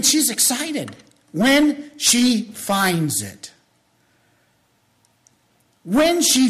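A man preaches an impassioned sermon to his church, his high-sitting voice climbing to loud appeals and then falling to hushed storytelling. He sprinkles in folksy asides to the congregation.

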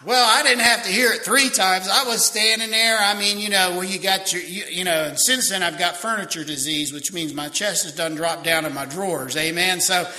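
Older male preacher, humorous storyteller, bright edge. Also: sits high, normal speed, few pauses. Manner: folksy, humorous, repetitive restarts. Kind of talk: sermon with storytelling.

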